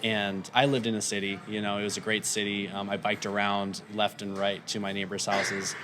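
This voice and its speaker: A man's voice: lowish voice, moderate pace, a crowd in the background. A man in his thirties with a faint Minnesota accent, chatting casually as a podcast guest and rambling with lots of ums. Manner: relaxed, rambling, many fillers. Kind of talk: casual interview chat.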